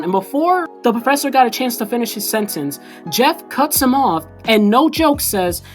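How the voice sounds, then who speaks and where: A young woman vlogger telling a story time in casual slang, animated and chatty. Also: a little high, normal speed, few pauses, faint music behind.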